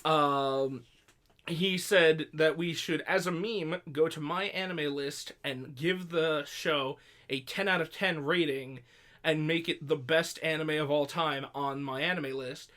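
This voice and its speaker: A man's voice: on the high side, steady tone, unhurried, fairly bright tone. A young man co-hosting a casual podcast, rambling and sarcastic with frequent swearing. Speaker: podcast co-host. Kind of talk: casual chat.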